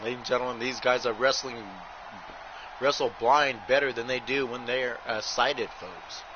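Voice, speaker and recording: A man's voice: mid-range voice, normal speed. Muffled man doing wrestling play-by-play. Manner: announcer patter, says "folks" nearly every line; excitable shouts at big moves. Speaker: host and play-by-play commentator. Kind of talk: wrestling play-by-play over a video game. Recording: muffled audio with steady background noise.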